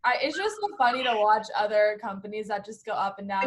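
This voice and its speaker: A woman's voice: medium pitch, animated, fast, over loud music. A woman hosting a team video call, upbeat and encouraging as she rallies her team.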